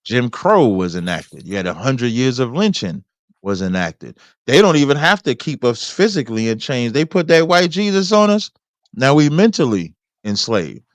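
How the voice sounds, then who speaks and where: A man hosting a debate, reading scripture aloud and explaining it in a deliberate, preacherly way. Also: medium pitch, very animated, no room sound. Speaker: host.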